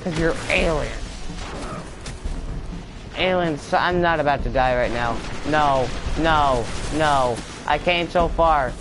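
A man's voice: on the high side, slow. A man streaming a shooter game, giving casual commentary and playfully taunting enemies with mock-tough talk. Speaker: gamer streaming his play. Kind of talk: casual live gameplay commentary. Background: game music.

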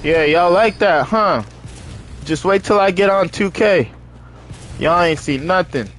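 A young man streaming a video game, chatting casually in heavy slang and telling animated stories between excited outbursts. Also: high voice, slow, pauses often, slight background noise. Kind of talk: casual stream chat while gaming.

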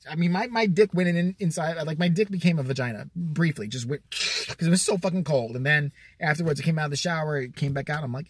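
A man's voice: a little high, lively intonation, quick pace, few pauses, fairly bright tone, husky, no room sound. A man telling a profane, sarcastic comic rant with an exasperated edge. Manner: sarcastic, swears a lot, exasperated. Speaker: vlogger.

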